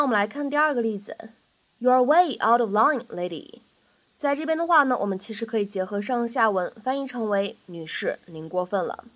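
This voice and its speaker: Patient woman teaching pronunciation, bright-pitched. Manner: patient, repeats each phrase three times, many soft fillers. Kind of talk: explanatory lesson narration.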